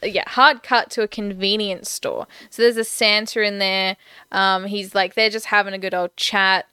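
A woman's voice: medium pitch, fairly even intonation, normal speed, bright, forceful tone, smooth, no room sound. A woman chatting casually and enthusiastically about a film, swearing often. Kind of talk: casual film recap chat.

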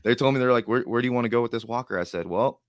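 A man's voice: mid-range voice, very fast, dry recording, clean studio sound. A man speaking as an interview guest, rambling and acting out other people's lines with laughs. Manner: rambling, acts out quoted voices with laughs. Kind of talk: casual storytelling interview.

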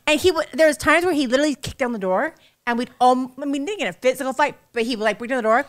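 A woman's voice: sits high, quick pace. A woman hosting a casual chat, frank and playful, swearing freely. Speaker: host.

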